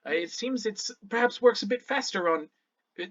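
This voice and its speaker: A woman's voice: medium pitch, animated, moderate pace, muffled recording, voice pushed up, lightly acted. A man voicing Shannara, a genteel, fussy fey innkeeper woman who speaks prim and polite, a little flustered.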